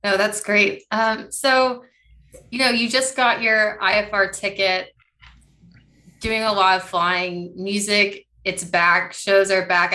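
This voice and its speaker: Bright-voiced woman hosting a podcast. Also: medium pitch. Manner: friendly, quick affirmations and laughs. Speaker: podcast host. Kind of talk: casual interview.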